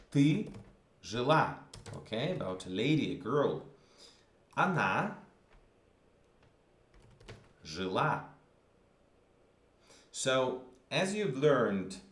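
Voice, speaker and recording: Slow, patient male language teacher, roomy echo. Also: mid-range voice. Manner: patient, repeats examples with frequent "okay?" checks. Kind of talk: spoken grammar lesson.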